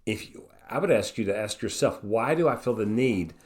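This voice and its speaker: Middle-aged male podcast co-host, somewhat low voice, earnest reflective tone. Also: animated, fairly quick. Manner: earnest, reflective, addresses listeners as guys. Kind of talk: casual mentoring chat.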